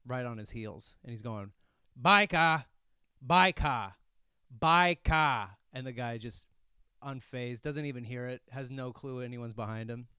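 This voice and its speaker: A man co-hosting a comedy podcast, telling stories in a casual, animated way and shouting out bits of them. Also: medium pitch, normal speed, clear, resonant tone, no room sound, studio quality. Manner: animated, shouts when acting out a story.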